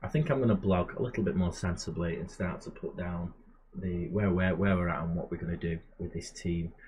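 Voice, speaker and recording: A man's voice: low-pitched, fairly quick, darkish tone, slight background noise. A man giving casual, chatty commentary while playing a management game, muttering asides to himself. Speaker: gamer and channel host.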